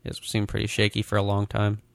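Man, low gravelly voice, rambling casual anecdotes, dry close mic. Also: completely flat delivery, fast, no room sound. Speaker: podcast co-host. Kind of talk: casual chat, storytelling.

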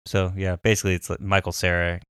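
An easygoing man co-hosting a podcast, often laughing and mulling over guesses out loud. His voice sits very low. The sound is close and dry. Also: completely flat delivery, fast talker, clean tone, no room sound. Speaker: podcast co-host. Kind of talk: casual chat.

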